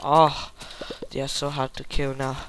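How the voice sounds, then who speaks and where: A young man giving excited, swear-filled live commentary while playing a game, often yelping in panic. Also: mid-range voice, a little slow, heavy background noise. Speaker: gamer.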